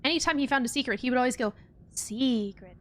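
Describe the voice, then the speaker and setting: A woman's voice: high-pitched, rapid-fire, a bit bright, a little hiss or hum. A young woman streaming a puzzle game, chatting in a rambling way and laughing often. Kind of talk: casual let's-play chat.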